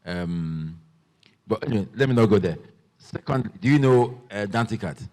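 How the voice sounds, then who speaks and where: Man from Nigeria, lowish voice, halting moderator questions, long hall reverb. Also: expressive, a little mellow. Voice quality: halting, full of fillers and restarts. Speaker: panel moderator. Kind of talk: panel interview. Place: festival stage.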